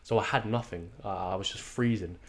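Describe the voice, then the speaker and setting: A young man, telling a race story in casual podcast chat, swearing freely and acting out his own shouts. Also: fairly low pitch, fairly quick. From England. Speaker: podcast co-host. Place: podcast studio.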